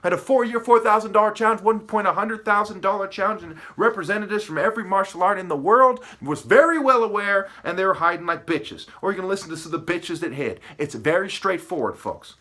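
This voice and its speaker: Agitated, ranting man with a bright voice. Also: high-pitched, fairly quick, few pauses. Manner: agitated, profane, jumps between wordplay and accusations; keeps asking "okay?" and "right?". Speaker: video commentator. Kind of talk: ranting monologue to camera.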